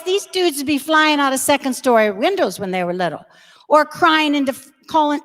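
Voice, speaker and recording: A woman giving an earnest, emphatic religious education talk to parents and teens in a church hall. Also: high voice. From United States. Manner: earnest, emphatic, acts out kids' voices. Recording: long reverb of a large hall.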